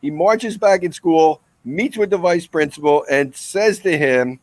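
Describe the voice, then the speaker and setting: High-voiced man telling a comic story. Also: measured pace, hardly any pauses, no room sound. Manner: animated, excitable, with laughs. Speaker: guest. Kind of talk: comedic storytelling.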